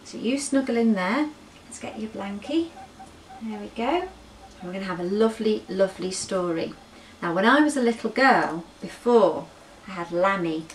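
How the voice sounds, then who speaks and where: A woman host telling a bedtime story to young children in an animated, sing-song way. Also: mid-range voice, moderate pace, far from the mic, slight background noise, poor audio.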